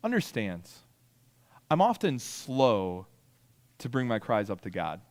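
A man preaching a sermon, animated, acting out quoted complaints and asking the congregation "right?" as he goes. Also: mid-range voice, slow pace, long reverb tail. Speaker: pastor.

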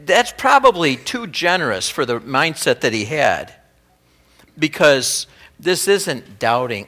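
A male pastor preaching a sermon in an earnest, emphatic way, dropping soft and low on key words. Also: very animated, slow pace.

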